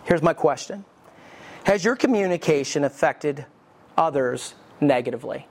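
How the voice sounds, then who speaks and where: A male pastor giving a conversational sermon, repeating key questions slowly and joking at his own expense. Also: a little high, gravelly, darkish tone, a little hiss or hum.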